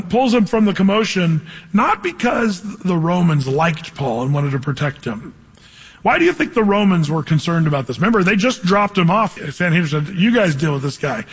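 A man's voice: high voice, breathy edge, long reverb tail. A man preaching a verse-by-verse sermon, reading scripture aloud and putting questions to the congregation in a conversational way. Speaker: pastor teaching a Bible study.

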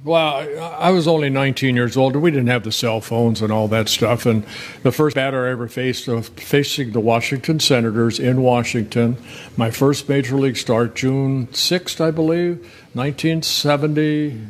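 A man's voice: mid-range voice, fairly even intonation, moderate pace. An older man, a former ballplayer, telling rambling, self-correcting stories in a casual interview. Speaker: former pitcher, guest.

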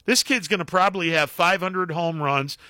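A middle-aged former baseball broadcaster telling anecdotes as a guest, with halting restarts and acted-out quotes. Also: male voice, high-pitched, dry recording, clean studio sound. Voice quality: halting, many restarts and fillers. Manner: acts out quotes in animated anecdotes. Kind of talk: casual phone-in storytelling.

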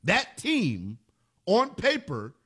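On sports talk radio, a host delivers a monologue in a high, bright register that swings widely as he hammers each point home. Emphatic and animated, he uses repeated phrases for punch, yet his delivery is very slow and husky.

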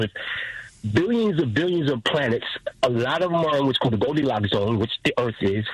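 A middle-aged man calling in to a radio show, telling an emotional story in a halting way over a phone line. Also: medium pitch, expressive, husky, no room sound. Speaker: caller.

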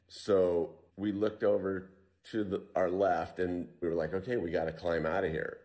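Deep-voiced man telling a survival story. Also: normal speed. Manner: storytelling, relaxed with fillers and restarts. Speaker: interview guest.

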